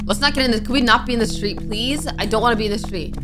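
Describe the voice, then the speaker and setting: Over loud music, a young woman streams a game, talking to herself and reading the characters' lines aloud as playthrough commentary. Her voice is a little high and her pace is quick.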